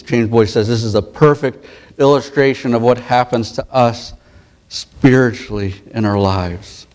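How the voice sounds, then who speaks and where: A man's voice: medium pitch, darkish tone. Conversational man preaching a sermon. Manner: conversational storytelling preaching with frequent restarts. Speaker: pastor.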